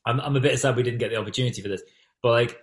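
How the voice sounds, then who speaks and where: A man's voice: mid-range voice, very fast, slight background noise. Guy on a casual podcast, dry offhand jokes, laughs a lot. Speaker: podcast co-host. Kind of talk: casual banter.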